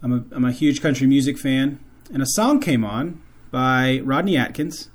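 A man's voice: mid-range voice, normal speed. A man hosting a Catholic show, talking earnestly to fathers in a preaching style and repeating phrases for emphasis. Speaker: host of a Catholic faith show.

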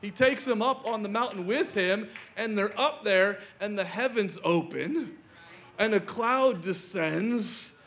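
High-voiced man preaching an animated sermon. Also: unhurried. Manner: animated, often laughing, calls out to the congregation. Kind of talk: sermon with personal storytelling.

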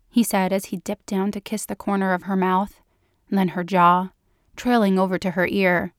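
A woman narrating a written story in a slow, measured reading. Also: medium pitch, flat delivery, no echo, clean studio sound.

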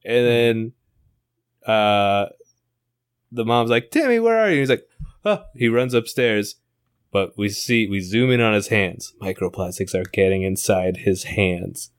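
A young man co-hosting an improv comedy podcast, pitching a story in a rambling, laughing way. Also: fairly even intonation, smooth, no room sound, studio quality. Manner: rambling, laughing storyteller putting on quick voices.

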